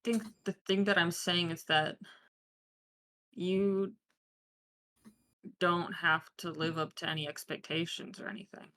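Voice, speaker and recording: A woman plays her character in a tabletop game with a low voice and a gravelly edge. Her tone is bright and tense. She talks in a dry, casual way. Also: steady tone, unhurried, pauses often. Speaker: player voicing her character. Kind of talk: in-character tabletop role-play.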